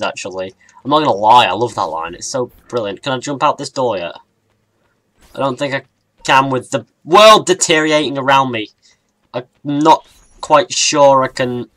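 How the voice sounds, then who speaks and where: Young male gaming YouTuber, mixed English accent, rambling and excitable commentary. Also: medium pitch, dry recording. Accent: mixed northern and southern English. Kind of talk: let's play commentary.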